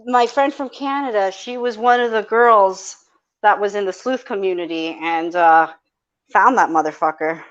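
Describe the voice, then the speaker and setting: A woman's voice: medium pitch, normal speed, muffled recording. A woman co-hosting a podcast in casual chat, teasing and swearing, laughing often. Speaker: podcast co-host.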